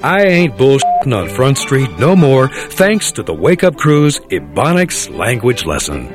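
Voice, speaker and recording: A man's voice: medium pitch, very animated, measured pace, music in the background. A man playing a stiff, overly polite young man in a parody commercial.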